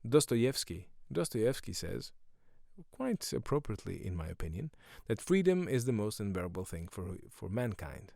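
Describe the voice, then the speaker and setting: A middle-aged man hosting a solo podcast, rambling sardonically and breaking into quick silly voices. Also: on the low side, sing-song, vocal fry, a little mellow, no echo, studio quality. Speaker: podcast host.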